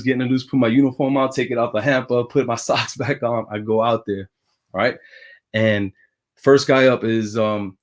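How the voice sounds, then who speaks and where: A man from Brooklyn, New York, with a New York accent, appears as a guest in a casual chat. A former pitcher, he tells a story with animation and laughs as he goes.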